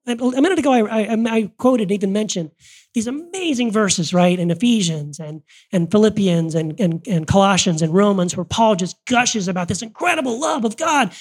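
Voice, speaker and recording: A woman's voice: on the high side, animated, normal speed, a little mellow, husky. A woman hosting a podcast, talking earnestly in a casual way, often restarting her sentences, recorded live before an audience. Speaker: podcast host.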